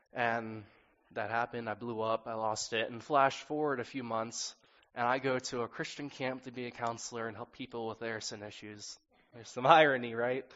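A man's voice: mid-range voice, fairly bright tone. A young man with a sore throat preaching a sermon and telling his own story in an earnest, candid way. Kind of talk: sermon with personal testimony. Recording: dull sound with long reverb in a hall.

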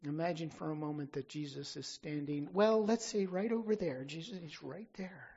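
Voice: mid-range voice, moderate pace, gravelly, dark tone, husky, muffled recording. A pastor preaching a sermon with emphatic declarations that build and then drop back down.

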